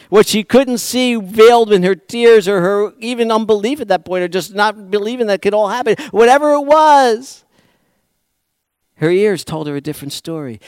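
A man preaching a sermon dramatically, swinging from loud exclamations to hushed, reflective passages. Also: high voice, clean tone, dry recording, clean studio sound.

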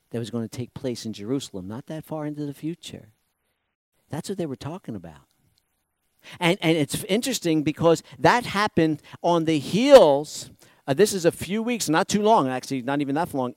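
High-voiced, animated man preaching a sermon. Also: no room sound. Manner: animated, acts out quoted voices, laughs often. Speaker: pastor.

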